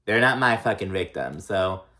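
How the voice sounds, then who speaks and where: A man's voice: deep voice, lively intonation, moderate pace, sharp tone. A man casually recapping a reality TV episode, chatty and profane, full of likes and ums, with sassy, exasperated asides.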